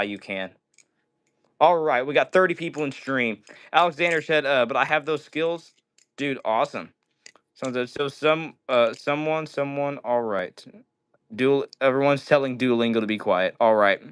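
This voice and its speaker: A man's voice: mid-range voice, fairly bright tone, clean tone. Upbeat man reading out chat on a stream. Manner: reads chat comments aloud and answers them, upbeat. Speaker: livestream host. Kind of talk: casual live-stream chat.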